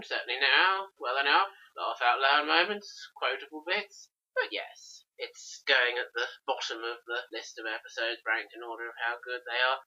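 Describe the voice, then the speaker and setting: A man co-hosting a podcast, with a very bright, forceful tone at a middle pitch. He weighs up and ranks episodes in a measured, opinionated way. The recording sounds slightly dull and lo-fi. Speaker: podcast co-host. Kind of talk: casual chat reviewing episodes.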